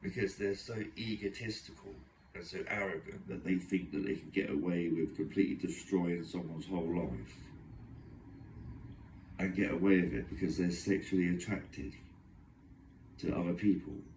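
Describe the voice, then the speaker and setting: Deep-voiced Englishman, aggrieved and rambling. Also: normal speed, a little mellow, distant mic, slight background noise. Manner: aggrieved, agitated, run-on storytelling. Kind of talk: rambling monologue to camera. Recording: echoey room, voice away from mic.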